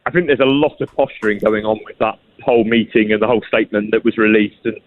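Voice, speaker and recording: A football journalist talking as a guest in a radio phone interview, speaking quickly with many restarts and repeated words. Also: male voice, lowish voice, steady tone. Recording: tinny phone line.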